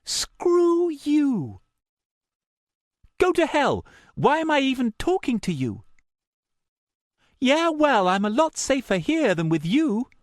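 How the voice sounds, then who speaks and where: A man voicing a scared and angry young woman on the phone, keeping her voice low and barely held back. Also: wildly swooping pitch, drawn-out words, hardly any pauses, no room sound, clean studio sound, full character voice.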